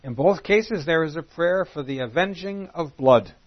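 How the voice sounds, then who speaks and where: Husky man teaching Bible study. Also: a little high, animated, moderate pace. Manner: reads scripture aloud in King James wording, then explains; emphatic, rising on quoted lines. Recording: dull, lo-fi classroom recording.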